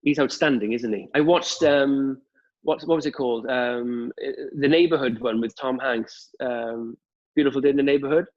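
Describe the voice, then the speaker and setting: A man's voice: medium pitch, moderate pace, highs cut off. A Welsh man, a guest TV presenter, chatting casually with many fillers and restarts. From Wales. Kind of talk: casual chat. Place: at home during lockdown.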